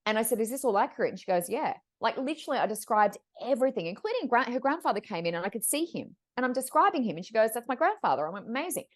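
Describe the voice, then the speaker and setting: A woman guest, a psychic medium, telling stories in a lively conversational way, acting out quoted voices in quick bursts. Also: on the high side. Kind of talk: animated storytelling in conversation.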